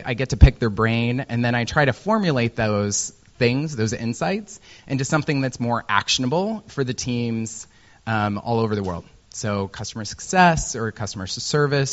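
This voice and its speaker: A man's voice: medium pitch, lo-fi sound. An American man from Indiana giving a conference talk as a user researcher, joking and self-deprecating, with many ums and uhs. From Indiana, USA. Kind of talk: presentation talk.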